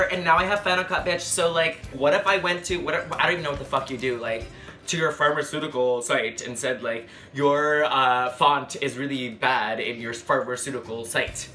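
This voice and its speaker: A young man telling a comedic dating story to camera, sassy, animated and profane. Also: high-pitched. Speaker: travel vlogger.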